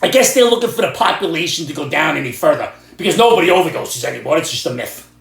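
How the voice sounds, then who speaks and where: A middle-aged Irish vlogger rants angrily about the news in a loud, heavily sarcastic political vlog, scoffing and jeering. His voice is high for a man, swinging widely in pitch with lively intonation, a quick pace and vocal fry, in an echoey room.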